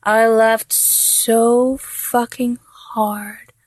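A woman's voice: mid-range voice, extremely slow, no room sound. A young woman in a dominant audio role-play, taunting and mocking her listener with frequent laughter and drops into a whisper.

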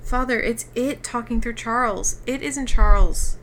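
A woman's voice: fairly high pitch, unhurried, fairly bright tone, a little hiss or hum. A woman reading aloud, voicing a desperate young girl who pleads urgently. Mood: anguished.

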